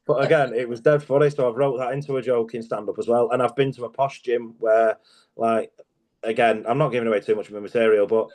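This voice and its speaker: A man's voice: mid-range voice, steady tone, quick pace, darkish tone. A middle-aged man, a guest comedian, chatting casually in an interview, telling stories, laughing often and swearing freely.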